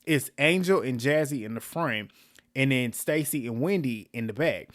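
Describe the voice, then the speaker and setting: A man talks through a reality TV episode in a loose, gossipy recap. His delivery is animated and full of laughter, with his pitch sitting in the middle. The sound is dry and close, with no room around it. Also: normal speed, no echo.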